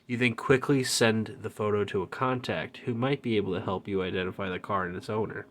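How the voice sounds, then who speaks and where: A man hosting a gameplay video, reading a game story aloud in a quiet, low-key way with joking asides. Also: steady tone, brisk. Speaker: gameplay channel host.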